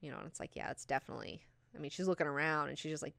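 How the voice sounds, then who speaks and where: A woman hosting a book club, talking casually and excitedly with lots of swearing and fillers. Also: low-pitched, racing, creaky, hardly any pauses, dry recording, clean studio sound.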